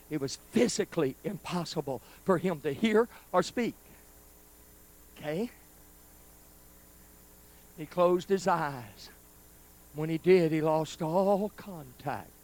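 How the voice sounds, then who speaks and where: A man preaching a storytelling sermon at a live church service, speaking folksy and direct to the congregation, swinging from loud bursts to hushed asides. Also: a little high.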